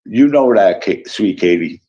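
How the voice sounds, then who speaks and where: This host from Illinois speaks in a lowish, expressive voice with a warm tone, going a little slowly. On his casual stream he reads the chat and jokingly greets viewers by name, and the sound is dull and lo-fi.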